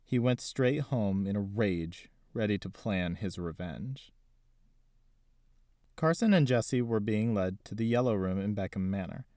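A man narrating an audiobook in an even, steady reading. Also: fairly low pitch, measured pace, no room sound, studio quality.

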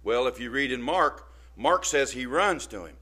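A man's voice: mid-range voice, lively intonation, moderate pace, pushed and bright, husky. A man preaching an informal sermon, talking conversationally and often checking in with his listeners.

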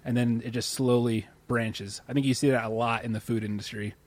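A laid-back man co-hosting a podcast in casual, easygoing chat. He laughs often and keeps things loose. His voice sits at an ordinary middle pitch, recorded close and dry with no room sound. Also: steady tone, brisk, darkish tone, dry recording. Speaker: podcast co-host.

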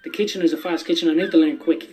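Higher-voiced rambling male storyteller. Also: fairly even intonation, warm tone, low-quality recording. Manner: rapid, rambling, swears freely. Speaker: podcast guest. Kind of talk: casual storytelling.

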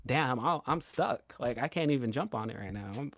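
A man telling stories on a podcast with loose, animated energy, peppering every sentence with slang and curses. His voice sits at an ordinary middle pitch. The sound is close and dry, with no room around it. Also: normal speed, no room sound. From US West Coast. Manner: animated storyteller, swears, lots of "like" and "bro". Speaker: podcast co-host. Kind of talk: casual chat.

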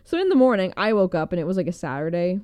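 A woman's voice: lowish voice, animated, very fast, warm tone, clear, resonant tone. A young woman casually telling a personal story, rambling with lots of fillers and frequent laughter. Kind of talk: casual chat.

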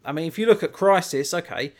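A man's voice: sits high, quick pace. An English man hosting a podcast, chatting enthusiastically and swearing freely. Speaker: podcast host. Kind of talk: casual chat.

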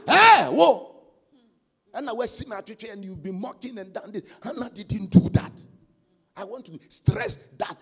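A man preaching a sermon as pastor, swinging from quiet asides to loud shouted exhortation. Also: high voice, slightly rough.

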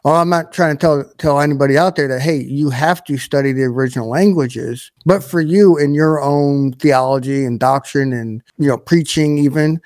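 A man's voice: on the high side, normal speed, few pauses, a little mellow, no echo, studio quality. A man hosting an interview, asking a rambling question in a casual way, often saying "you know". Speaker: host.

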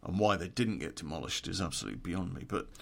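A man's voice: low-pitched, expressive, fast, creaky, a bit bright. A man, telling a true-crime story in a casual, profane way and laughing at his own story.

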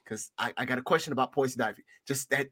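A man's voice: medium pitch, fast talker, pushed and bright, dry recording, studio quality. A man co-hosting a casual film review podcast, ranting in a profane, exasperated way. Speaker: podcast co-host.

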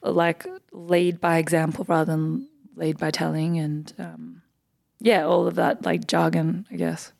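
A woman's voice: low voice, little pitch movement, a little slow, gravelly, a little mellow. A young Australian woman in her twenties, a basketball player chatting as a podcast guest, telling stories in an upbeat way with lots of "like" and "um". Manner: chatty, upbeat storyteller with frequent "like" and "um". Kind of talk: casual interview chat.

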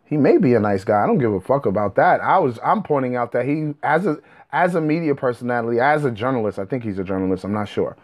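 A man's voice: mid-range voice, lively intonation, quick pace. A young man talking straight to his audience in a heated, profane, combative rant. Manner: profane, combative, rising to angry outbursts. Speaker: commentator.

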